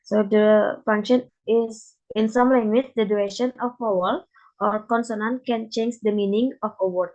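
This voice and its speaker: A woman's voice: medium pitch, steady tone, normal speed, a little mellow, lo-fi sound. A young woman giving a class presentation, reading carefully from slides and often repeating words. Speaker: student presenter.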